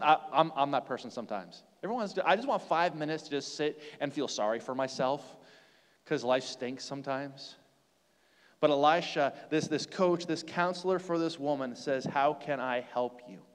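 Brief: American male preacher, slightly high pitch, chatty sermon, long echo of a big hall. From United States. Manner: conversational preaching, rhetorical questions, swings between loud and hushed.

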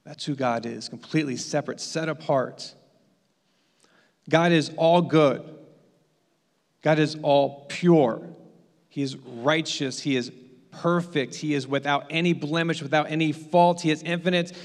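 A man's voice: a little high, a little slow, pauses often, in a large hall. A man preaching a sermon as pastor, building his points through emphatic repetition.

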